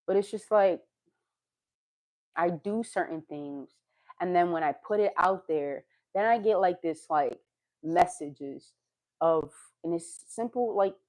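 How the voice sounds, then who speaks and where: A woman's voice: on the low side, slow, a little mellow. A woman vlogging to her viewers in a rambling, confessional way, sighing, laughing and swearing now and then. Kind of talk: candid casual monologue.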